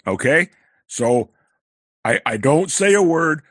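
A man calling into a faith talk show, explaining things in a measured, conversational way. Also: fairly high pitch, expressive, a bit bright, dry recording, studio quality. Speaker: caller. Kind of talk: casual chat.

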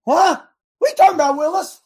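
A preacher voicing an indignant young male shepherd hero who shouts outraged questions, pitched well above the preacher's own voice. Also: animated, a little slow. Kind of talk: sermon storytelling.

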